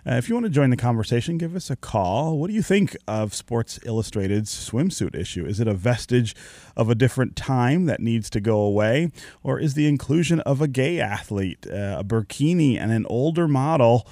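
A man hosting a radio call-in show, speaking in a measured, steady announcing way. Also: mid-range voice, no room sound. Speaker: radio talk show host. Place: radio studio.

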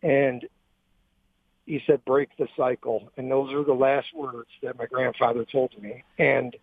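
Caller, man in his 30s, halting and emotional, phone-line sound, dry. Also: medium pitch, level tone, slightly rough, no room sound. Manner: halting, emotional, many restarts. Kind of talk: call-in radio story.

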